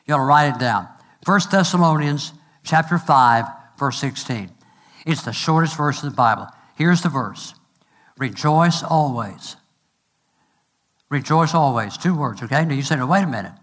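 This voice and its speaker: A middle-aged male pastor preaching a sermon, asking "amen?" and slowing down to stress each point. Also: mid-range voice, expressive, a bit bright. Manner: preaching with call-and-response and numbered points; slows to stress phrases, quick asides.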